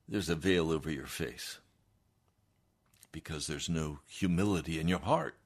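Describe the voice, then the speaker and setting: A man's voice: rumbling low, measured pace. A male pastor preaching an earnest, emphatic sermon.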